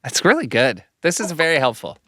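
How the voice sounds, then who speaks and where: Bright, playful male podcast host. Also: fairly high pitch, very animated, dry recording, studio quality. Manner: playful, joking, quick to laugh. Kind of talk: casual podcast chat.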